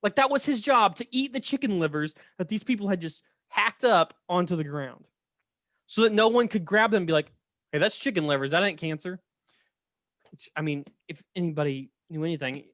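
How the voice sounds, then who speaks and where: A man's voice: high-pitched, expressive, brisk, fairly bright tone, dry recording, clean studio sound. A man casually telling a story on a podcast, chatty and laughing, often checking in with "right?". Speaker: podcast host.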